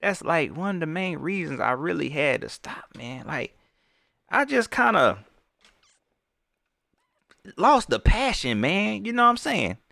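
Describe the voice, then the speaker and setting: A young man hosting a live stream, chatting casually and giving loose, slangy shout-outs to viewers. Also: a little high, measured pace, gravelly, pauses often, no room sound. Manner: loose, slangy, rambling, lively.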